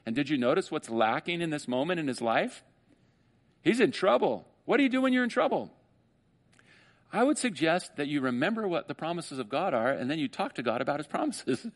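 A middle-aged man preaching a sermon, animated, acting out quoted voices and laughing often. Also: a little high, a little fast. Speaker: pastor.

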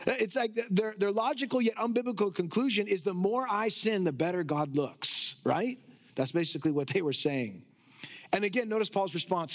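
A man's voice: high-pitched, expressive, moderate pace. A male preacher giving an emphatic, rhetorical sermon that explains a passage of scripture. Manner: emphatic, rhetorical, sometimes laughing at absurd ideas. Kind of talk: expository sermon.

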